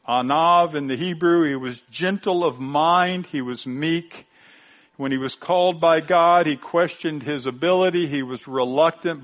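A man preaching a sermon, stressing points loudly and then dropping to quiet asides. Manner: emphatic, swinging from loud high stresses to quiet low asides.

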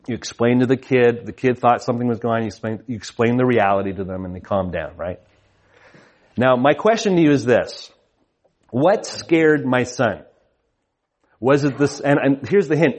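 A man in his thirties preaching at a conference in a medium-pitched voice. He tells homey family stories with self-deprecating jokes. He often stumbles into restarts. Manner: casual storytelling, frequent restarts, self-deprecating humor. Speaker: conference speaker. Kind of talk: sermon with family anecdotes.

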